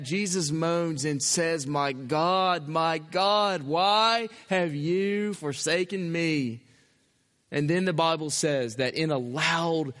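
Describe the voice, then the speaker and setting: A man preaching a sermon in short, emphatic phrases, at times dropping to a hushed voice. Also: a little high. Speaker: pastor. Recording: long hall reverb.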